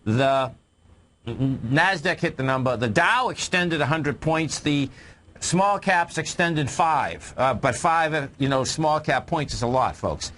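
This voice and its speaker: A man's voice: fairly high pitch, animated, a little slow, a bit bright. A man co-hosting a radio market show, talking emphatically and repeating phrases as he speaks to listeners. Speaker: co-host, market analyst. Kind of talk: radio market talk with callers. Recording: radio broadcast.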